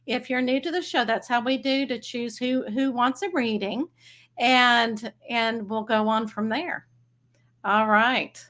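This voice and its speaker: A bubbly woman with a Texas accent chats casually to her livestream audience. Her voice sits a little high. She talks in a friendly, rambling way and laughs easily. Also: steady tone, unhurried, a bit bright. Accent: Texan. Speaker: psychic medium livestream host.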